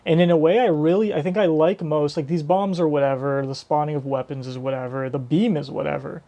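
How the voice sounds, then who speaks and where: A man's voice: on the high side, steady tone, fairly quick, gravelly, warm tone. A man giving casual live reaction commentary on a manga chapter, rambling and swearing casually as he thinks aloud.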